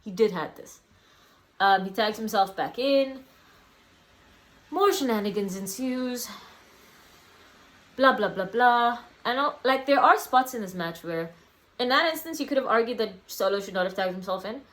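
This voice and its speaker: A woman's voice: fairly high pitch, lively intonation, normal speed, long pauses, fairly bright tone. Chatty young woman reviewing wrestling. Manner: chatty, rambling, many fillers and self-corrections. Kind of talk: casual solo review vlog.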